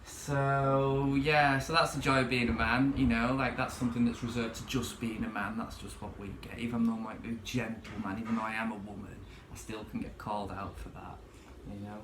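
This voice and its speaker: A man in a casual vlog monologue, rambling through fillers and swearing freely as he vents. His voice sits at an ordinary middle pitch and bounces around a bare, echoey bedroom. A faint hum of room noise runs underneath. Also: little pitch movement, brisk, few pauses. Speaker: vlogger.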